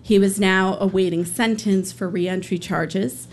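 A woman's voice: mid-range voice, steady tone, unhurried, slight background noise. A woman telling a true personal story on stage, speaking earnestly with frequent fillers. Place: stage before a live audience.

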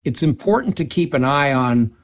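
A man's voice: medium pitch, animated, moderate pace. A man who is a policy analyst, speaking pointedly and critically in an interview clip.

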